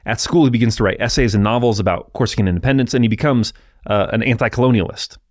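A man hosting a history podcast, narrating in a relaxed, explanatory way with asides to the listener. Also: medium pitch, fast, dry recording, clean studio sound.

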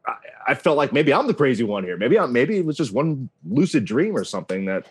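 Man telling stories in a relaxed interview. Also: medium pitch, fairly quick, slightly rough, no room sound. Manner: animated storyteller, acts out dialogue. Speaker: wrestling announcer, guest. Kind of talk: casual interview storytelling.

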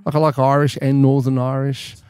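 A man's voice: mid-range voice, flat delivery, a little fast, darkish tone, clear, resonant tone, no room sound, studio quality. A man, co-hosting a casual chat and rambling with jokes and repeated words. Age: 50s. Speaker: podcast co-host.

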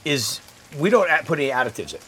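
A man's voice: fairly high pitch, big pitch swings, fast talker, fairly bright tone, a little hiss or hum. A man who is a guest chef and restaurateur, chatting casually while cooking and acting out the voices in his stories. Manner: chatty storyteller, acts out quoted voices.

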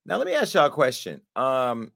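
Guy hosting a call-in show, jokey and lively, mid-pitched voice, laughs a lot. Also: normal speed, gravelly. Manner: joking, animated, laughs often. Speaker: talk show host. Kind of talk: casual chat.

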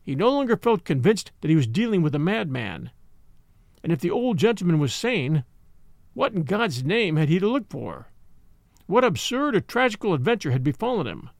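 A man narrating a classic story in an expressive reading, voicing the characters. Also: high-pitched, normal speed, creaky, dry recording, studio quality. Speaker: audiobook narrator.

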